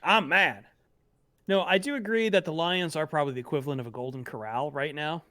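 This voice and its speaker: A man's voice: fast talker, dry recording. Dry-humored man hosting a podcast. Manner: wry, sarcastic, low-key. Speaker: podcast host. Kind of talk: casual sports podcast chat.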